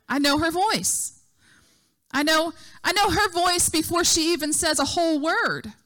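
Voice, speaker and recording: A woman's voice: sits high, a bit bright. A middle-aged woman preaching a sermon, telling a story and acting out the voices she quotes.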